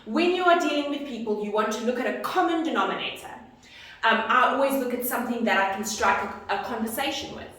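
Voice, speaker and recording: A woman fitness instructor talks through an online lesson in an expressive, coaching manner. Her voice bounces around a very echoey room. She sits some way from the microphone, so the sound is distant. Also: a little high, fast talker. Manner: expressive, acts out greetings to clients.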